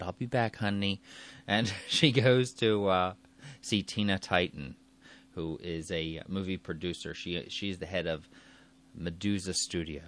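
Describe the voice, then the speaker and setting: A man's voice: deep voice, a bit bright. A man hosting his own podcast in a casual, rambling way, chuckling often and restarting his sentences. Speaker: podcast host. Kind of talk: casual solo podcast chat.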